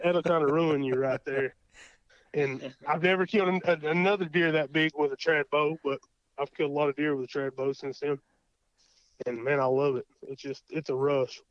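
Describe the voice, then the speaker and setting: A man with an Oklahoma accent, a guest telling a hunting story in a casual interview, folksy and animated, acting out his own thoughts. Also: on the high side, no echo. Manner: folksy, animated, lots of quoted self-talk. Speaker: guest hunter. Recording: muffled dry podcast audio.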